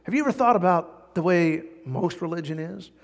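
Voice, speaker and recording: A man preaching a sermon as a pastor, animated, with sudden jumps in pitch and loudness. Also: moderate pace, gravelly, big-room sound.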